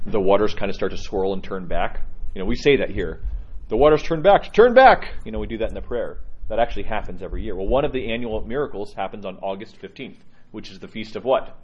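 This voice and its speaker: Priest, male, low voice, informal sermon storytelling with frequent restarts, dull lo-fi recording. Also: darkish tone. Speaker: Orthodox priest.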